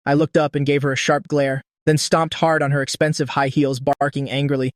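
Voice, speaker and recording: A man reading a scripted story narration in a steady, even storytelling manner. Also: on the high side, fairly quick, hardly any pauses, no room sound, clean studio sound.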